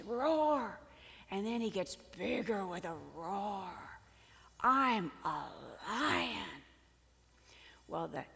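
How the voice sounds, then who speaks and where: A woman preaching a sermon, telling a fable in an expressive storytelling manner with dramatic swings in volume. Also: medium pitch, gravelly, big-room sound.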